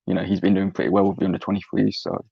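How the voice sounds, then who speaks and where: A man's voice: deep voice, little pitch movement, very fast, gravelly, slightly rough, dry recording. A man who is a fan guest on a call, answering briefly and matter-of-factly. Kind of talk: casual chat. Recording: dull lo-fi dry call audio.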